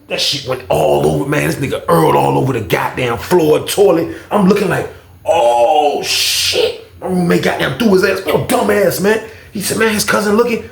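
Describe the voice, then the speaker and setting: Gravelly animated man telling a story. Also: on the high side, moderate pace, echoey room. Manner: animated slangy retelling, acts out voices. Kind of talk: casual storytime monologue.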